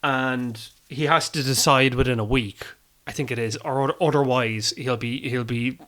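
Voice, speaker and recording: A man's voice: medium pitch, steady tone, moderate pace, bright, forceful tone. Irish male podcast host, loose self-deprecating delivery, profane and rambling. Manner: rambling, swears freely, self-deprecating, many fillers. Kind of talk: casual film review chat.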